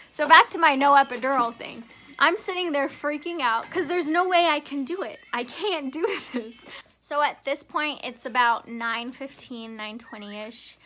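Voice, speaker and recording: A woman's voice: on the high side, pushed and bright. A young woman vlogger telling a personal story in a chatty, giggly way, full of "like". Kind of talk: casual storytelling.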